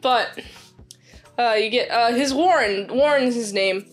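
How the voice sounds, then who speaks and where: High-pitched woman doing a slow rambly movie recap, keeps cutting herself off and giggling. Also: faint music behind. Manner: rambling, self-interrupting, giggly. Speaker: movie reviewer.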